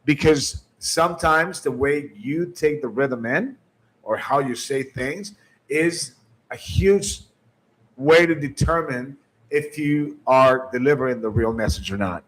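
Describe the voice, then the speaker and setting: A man's voice: mid-range voice, slow pace, fairly bright tone, low-quality recording. A man giving a coaching lecture on delivering a sales script, emphatic, repeating phrases and checking in with "right?". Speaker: sales trainer.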